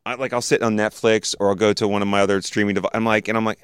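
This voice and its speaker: A man's voice: fairly low pitch, little pitch movement, rapid-fire, clear, resonant tone, dry recording, studio quality. A man telling stories in a casual podcast chat, rambling and often trailing off into fillers like "you know.". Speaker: podcast co-host.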